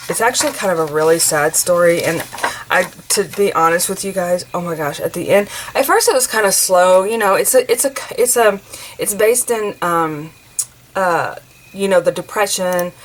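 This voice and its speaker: Talking on the low side at a normal speed, an American woman in her forties rambles while crafting a journal for her vlog. She's chatty, with plenty of fillers and restarts, and the poor audio carries a little hiss or hum.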